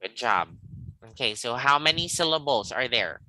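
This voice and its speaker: English teacher on a live class, patient, keeps saying okay, bright tone, dry sound. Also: medium pitch, animated, normal speed, dry recording, low-quality recording. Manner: patient, guiding, frequent "okay" and "all right". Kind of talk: live online English lesson.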